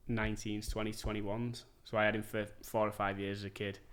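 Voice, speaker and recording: A man's voice: fairly low pitch, flat delivery, a little fast, a bit bright. A man, telling stories as a podcast guest in a laid-back, sweary way. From England. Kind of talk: casual chat.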